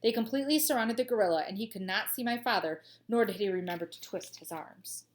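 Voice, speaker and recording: A woman reads a children's chapter book aloud in her plain, middle-pitched voice. She tells the story clearly and expressively and adds playful asides. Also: quick pace. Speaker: teacher reading aloud.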